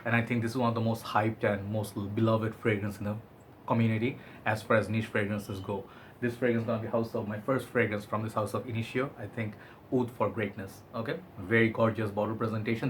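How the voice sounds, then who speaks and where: A man's voice: on the low side, slight background noise. A man giving a chatty, enthusiastic product review, often hedging with "I think". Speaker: fragrance reviewer.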